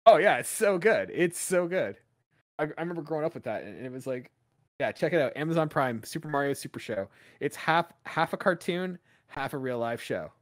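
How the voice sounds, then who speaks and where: A man co-hosting a casual gaming podcast, his voice rising and falling in a lively way. He talks loosely and excitedly, full of fillers and restarts. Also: fairly high pitch, brisk. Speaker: podcast co-host. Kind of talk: casual chat.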